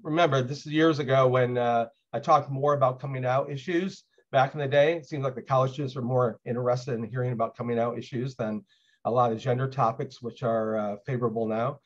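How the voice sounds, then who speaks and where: A man of middle pitch tells a personal story to open a lecture. His delivery is loose and conversational, dotted with filler sounds. The audio has the dull, lo-fi quality of a video call. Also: steady tone, a little fast. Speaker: LGBTQ+ lecturer.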